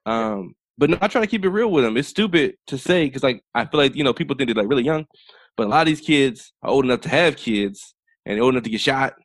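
A man's voice: mid-range voice, expressive, quick pace, no echo. A man from the D.C. area, a teacher, talking in casual chat in a blunt, straight-talking way and cussing freely. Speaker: teacher, podcast guest.

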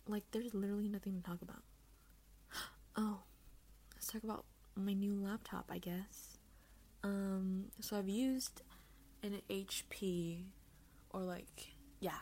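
Chatty young woman, swearing freely. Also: mid-range voice. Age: young adult. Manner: chatty, swearing, self-mocking, with sudden loud bursts and hushed asides. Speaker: podcast host. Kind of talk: casual solo chat.

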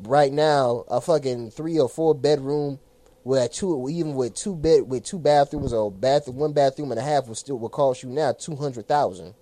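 A man's voice: medium pitch, moderate pace, warm tone, no echo. A man in his twenties co-hosting a casual chat, rambling, swearing and laughing a lot. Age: 20s. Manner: rambling, profane, laughs often. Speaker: podcast co-host.

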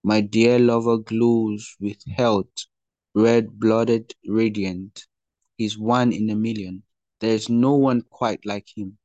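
A man reading the part of a longing young woman lover in a slow, earnest scripture reading. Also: fairly low pitch, flat delivery, mellow, no echo, lo-fi sound.

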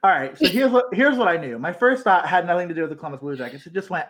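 A man's voice: sits high, expressive, very fast, a bit bright. A man co-hosting a casual sports podcast, chatty and telling stories with frequent laughs. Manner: chatty, storytelling, laughs often. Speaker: podcast co-host.

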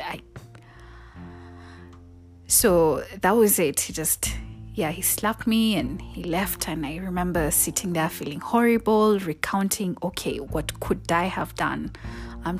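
A young woman telling a candid personal story in a conversational way, sometimes dropping to a soft near-whisper. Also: on the low side.

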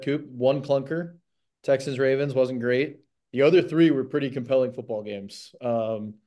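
A man's voice: mid-range voice, warm tone. A young man co-hosting a casual sports podcast, laid-back with frequent ums. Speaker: podcast co-host. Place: home.

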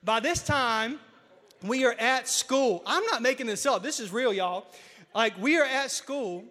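High-voiced bright pastor preaching in a hall. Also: male voice, unhurried. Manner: building to loud emphatic peaks, repeating key lines. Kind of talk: sermon. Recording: hall reverb.

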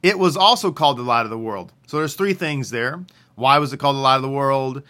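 A man's voice: medium pitch, brisk, pushed and bright. A man giving a religious teaching in a conversational way, often asking questions and then answering them himself. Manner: conversational, asks and answers his own questions.

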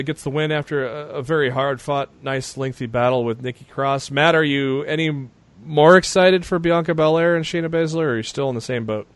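Rambling male podcast host. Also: medium pitch. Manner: rambling with frequent fillers and restarts. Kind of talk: casual news recap.

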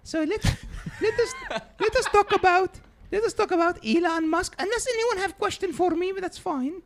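Guy putting on a high squeaky 84 yr old granny, broken english, slow and blunt, teasing everyone. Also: slight background noise. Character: 84-year-old immigrant grandmother, doting and blunt. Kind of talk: improvised comedy podcast bit.

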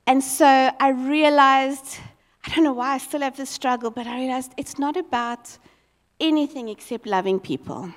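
A woman preaching a sermon as a lively, expressive storyteller. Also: high-pitched, normal speed, in a large hall.

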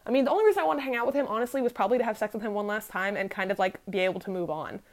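A young woman spills a messy personal story on her podcast, her voice sitting at an ordinary middle pitch. She talks casually and bluntly, swearing freely and packing her sentences with "like" and other fillers as she rambles along. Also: very fast. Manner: candid, profane, rambling with many fillers.

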